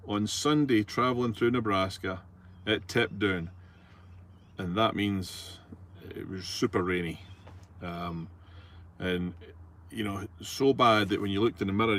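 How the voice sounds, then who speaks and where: Scottish man, middle-aged, truck driver, rambling chat, low voice, faint road hum. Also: creaky. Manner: chatty, easygoing, rambling with many fillers. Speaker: truck driver reading viewer messages. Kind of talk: casual chat while driving.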